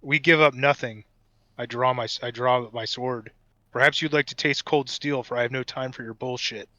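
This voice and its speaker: A man voicing a proud Nordic warrior who speaks in a gruff, defiant manner in a tabletop game. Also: mid-range voice, fairly even intonation, moderate pace, pushed and bright, no room sound, lightly acted. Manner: gruff defiant in-character speech.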